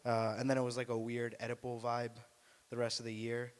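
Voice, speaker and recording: Young man, stand-up comedy, deadpan, jumps into shrill loud voices, mid-pitched, long reverb of a live room. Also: brisk, clean tone. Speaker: stand-up comedian at an open mic. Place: small student venue.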